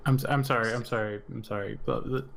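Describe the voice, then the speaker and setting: A man's voice: mid-range voice, steady tone, fast talker, vocal fry, a bit bright, a little hiss or hum. A man playing a tabletop game, speaking hesitantly with stammers and restarts. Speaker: player. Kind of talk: in-character tabletop play.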